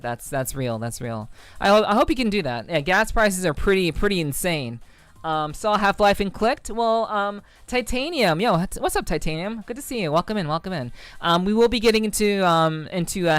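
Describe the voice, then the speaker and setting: A woman streamer from New Jersey chats casually with viewers, rambling, stammering into restarts, repeating herself and swearing cheerfully. Her voice is fairly low and smooth, with no room sound and faint music in the background.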